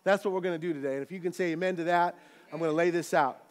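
A man with a high, bright voice preaches a sermon in a church auditorium. He rises into loud, animated calls to the congregation, then settles into relaxed, chatty storytelling. His delivery is lively and rhythmic. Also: very fast. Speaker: pastor.

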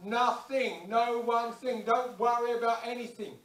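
Man, preacher, high voice, lively sermon, heard from a distance in a church hall. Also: a little slow. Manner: lively storytelling, acting out little prayers and shop scenes.

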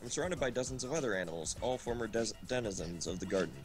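A man streamer reading a story aloud in a deadpan comic way, tripping on words now and then. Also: mid-range voice, fast. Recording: loud game music behind. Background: game music.

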